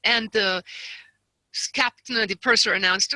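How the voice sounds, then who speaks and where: A woman guest telling a personal story with lots of animation, slipping into quoted voices and laughing as she goes. Her tone is piercingly bright, and the recording is completely dry, with no room sound at all. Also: medium pitch, expressive, moderate pace, no echo, low-quality recording. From lives near Seattle. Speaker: guest author and seminar leader. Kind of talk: storytelling in a conversation.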